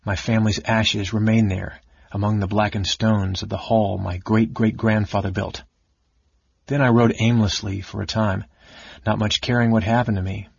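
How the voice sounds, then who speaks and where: A man's voice: fairly low pitch, level tone, moderate pace, vocal fry, husky, no room sound. A man reading the part of a grieving young nobleman and knight who turned bandit, speaking bitterly and grimly. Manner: bitter and grim. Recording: dull lo-fi recording.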